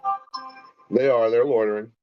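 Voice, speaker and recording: A man's voice: mid-range voice, steady tone, moderate pace, smooth, no room sound, dull audio, soft background music. A man co-hosting a football stream, laid-back, chiming in with short agreeing remarks and reactions. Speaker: co-host giving reactions. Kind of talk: casual sports commentary.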